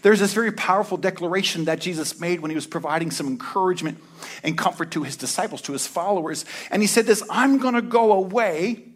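A man preaching a casual sermon as pastor, talking in a laid-back, slangy way with lively storytelling. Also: a little high, fast.

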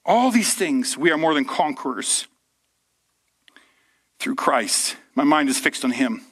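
A man preaching a sermon to a live church audience, with a lively, conversational delivery that often checks in with the room. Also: a little high, measured pace, slightly rough.

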